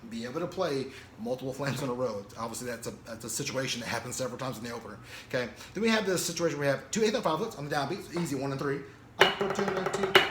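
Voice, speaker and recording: A man teaching snare drum parts, explaining rhythms casually and counting beats and stickings out loud. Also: on the high side, slight background noise. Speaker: drum instructor. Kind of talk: casual instructional talk. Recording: echoey room with loud drumming.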